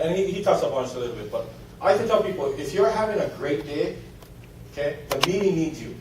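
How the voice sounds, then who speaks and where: A man's voice: sits high, a little hiss or hum. A man speaking casually to a seminar audience, with frequent restarts. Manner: casual, repeats himself with restarts. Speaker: network marketing trainer. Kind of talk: seminar talk. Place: large meeting room. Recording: echoey hall from far off.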